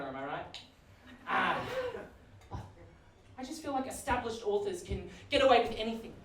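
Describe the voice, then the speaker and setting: A man's voice: extremely high pitch, recorded from a distance. A man doing stand-up comedy, reciting absurd poems in a mock-solemn voice. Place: stage of a comedy venue. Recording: echoey live venue, audience noise.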